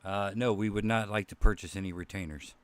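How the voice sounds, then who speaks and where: A man's voice: lowish voice, steady tone, brisk, clear, resonant tone. A man playing a cleric in a tabletop game, playful with mock-formal phrasing. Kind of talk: casual game chat.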